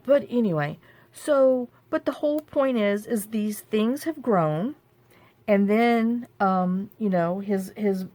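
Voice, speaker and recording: A woman's voice: mid-range voice, slow, dark tone, dry recording. A woman chatting casually at her craft table, venting in frustration and restarting often. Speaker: journaling crafter. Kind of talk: casual rambling chat.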